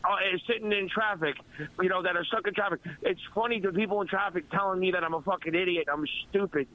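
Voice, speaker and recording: A man's voice: high voice, fairly even intonation, fast, narrow, tinny audio. A man calling into a radio show by phone, telling stories emphatically with lots of swearing. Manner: profane, emphatic storytelling. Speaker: phone-in guest, former radio staffer. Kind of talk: casual phone chat. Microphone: phone line.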